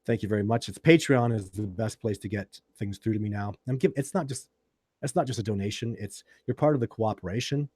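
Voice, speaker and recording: Low-voiced guy rambling on a live stream, lots of restarts, dry close sound. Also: fairly quick, mellow, dry recording. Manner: rambling, full of restarts and fillers. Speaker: host of a live video chat about Sasquatch research. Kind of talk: live stream, answering viewer questions and telling stories.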